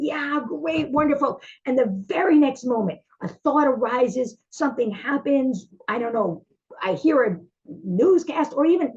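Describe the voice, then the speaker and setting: A woman's voice: sits high, a little mellow, lo-fi sound. A woman teaching a class, talking in a heartfelt, searching way with many fillers and restarts.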